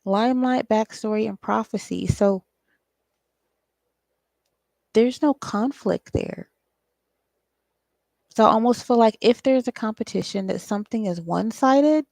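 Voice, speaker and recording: Woman, tarot reader, raspy fry in the voice, dry close sound, rambling with ums, casual cursing. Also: fairly high pitch, moderate pace, a little mellow, no room sound. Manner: thinks aloud, loose and profane, with frequent ums. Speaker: tarot reader and psychic channeler. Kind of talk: casual solo tarot reading.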